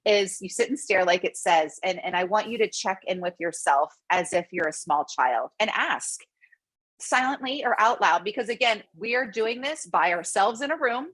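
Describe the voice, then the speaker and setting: A woman's voice: medium pitch, moderate pace, husky. A woman guest author and coach, talking earnestly and with feeling on a remote interview call. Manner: earnest, animated, emotional. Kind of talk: conversational interview. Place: New York City.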